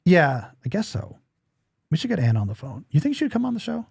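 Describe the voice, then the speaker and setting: A man's voice: fairly high pitch, wildly swooping pitch, fairly quick, creaky, a little mellow, breathy edge, no echo, clean studio sound. A man hosting a podcast in casual chat, joking and rambling, while losing his voice. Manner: joking, self-deprecating, rambling asides. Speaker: podcast host.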